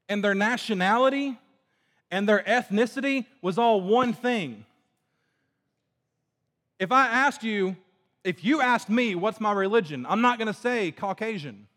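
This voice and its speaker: High-voiced man preaching casually. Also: fairly bright tone. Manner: chatty, filler-heavy, asks the audience questions. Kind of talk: casual conversational sermon. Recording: echoey hall.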